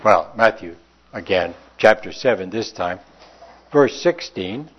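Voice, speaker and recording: A man's voice: on the low side, expressive, a little slow, slightly rough. A man preaching a sermon, reading scripture aloud and pressing the listeners with rhetorical questions. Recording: dull lo-fi sound.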